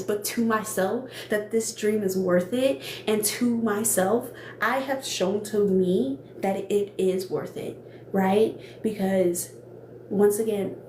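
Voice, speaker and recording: A woman's voice: medium pitch, a little mellow. A young woman who runs a small cosmetics business, hosting a casual live stream and chatting earnestly. She laughs often, repeats herself, and sounds close to tears. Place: indoor room, makeup workspace. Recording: echoey room with faint background noise.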